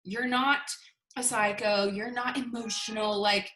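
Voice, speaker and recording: Upbeat woman coaching her team on a video call; animated storyteller with a crisp, bright tone and a roomy echo. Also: a little high, a little slow, slight background noise. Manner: chatty, animated storytelling with acted-out quotes. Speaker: team leader giving a sales training. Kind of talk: casual motivational talk on a video call.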